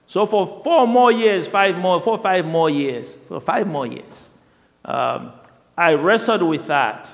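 Sharing a personal testimony, a man tells his story in a lively way and often repeats himself. His voice is high, slow, and gravelly, and a large hall's long reverb fills the recording.

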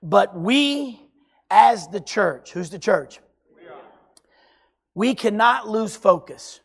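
Preacher, husky voice, emphatic sermon delivery, loud and soft by turns. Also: medium pitch, animated, slow pace. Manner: emphatic, swinging between loud exhortation and hushed delivery.

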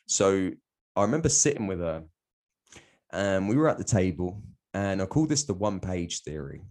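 Lowish voiced guy from the south, swears a lot, laughs through his story. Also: sing-song, moderate pace, darkish tone. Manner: blunt, sweary, laughs often. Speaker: guest. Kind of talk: candid storytelling.

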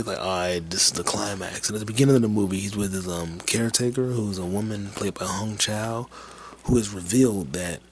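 Man, podcast host, low voice, loose rambling chat, swears freely, faint hiss behind. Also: a bit bright. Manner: rambling, profane, laid-back, with many fillers. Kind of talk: casual movie chat.

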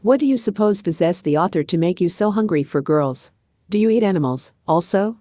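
A woman's voice: on the low side, expressive, a little fast, warm tone, no echo, studio quality, lightly acted. A woman voicing a clumsy, grumbling male donkey with an indignant manner. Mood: worried.

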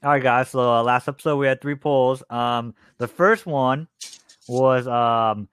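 A man's voice: medium pitch, a bit bright, clear, resonant tone, dry recording. Dry, close-miked young man teasing. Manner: quick, teasing, reading out poll results. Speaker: podcast co-host. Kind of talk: casual podcast banter.

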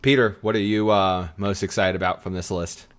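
A man hosting a loose film-talk podcast. His voice sits very low, and he keeps the chat easygoing with plenty of laughs and filler words. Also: steady tone, normal speed. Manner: chatty, laughs often, many fillers. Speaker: podcast host.

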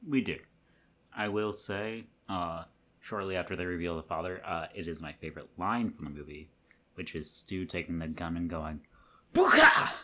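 A woman's voice: extremely low pitch, steady tone, normal speed. A woman co-hosting a podcast, chatting casually with dry, teasing asides. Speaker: podcast co-host. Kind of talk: casual chat.

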